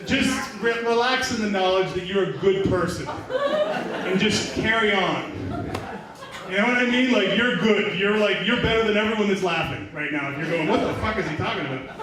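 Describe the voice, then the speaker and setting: A man's voice: high voice, sing-song, moderate pace, a crowd in the background. A man doing a stand-up comedy set in a small bar, profane, rambling and self-mocking. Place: small bar venue, indoors. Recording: echoey room from far off, audience noise.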